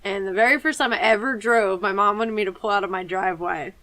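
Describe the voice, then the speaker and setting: A woman's voice: mid-range voice, fast talker, no echo. A woman, chatting expressively on a casual podcast. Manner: expressive, talks with her hands. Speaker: podcast co-host. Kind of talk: casual chat.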